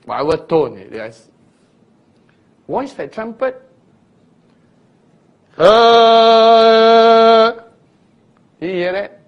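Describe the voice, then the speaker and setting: A man teaching a Bible sermon in an unhurried, deliberate way, pausing to quiz his listeners and breaking into sudden loud sound illustrations. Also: a little high, very animated, slightly rough, highs cut off. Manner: asks listeners questions directly. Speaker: preacher.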